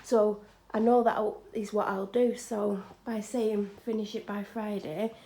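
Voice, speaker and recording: A woman chatting frankly in a home vlog from a room she is decorating, sometimes dropping into soft whispered asides. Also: mid-range voice, level tone, a little slow. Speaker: vlogger. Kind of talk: casual home vlog chat.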